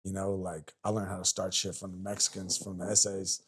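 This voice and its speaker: A man's voice: deep voice, monotone, brisk, fairly bright tone, husky. A man in his forties, a podcast guest and army veteran, telling stories in a rambling, profane way with lots of fillers and restarts. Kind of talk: casual storytelling chat.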